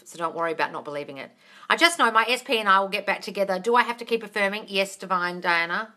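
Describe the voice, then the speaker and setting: A woman's voice: on the low side, sharp tone. A woman hosting a casual livestream Q&A as a manifestation coach. She reads viewer comments aloud and answers bluntly, swears freely and calls her viewers darling.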